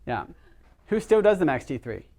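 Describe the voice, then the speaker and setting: A man's voice: on the high side, very animated, normal speed, darkish tone. A middle-aged man, a chiropractor, giving a casual workshop talk to a small group, telling stories and asking the audience questions. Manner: chatty, storytelling, asks the audience questions.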